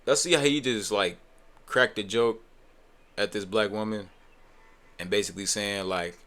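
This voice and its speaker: A man giving profane reaction commentary, heated and swearing, with sudden loud outbursts. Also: lowish voice, normal speed.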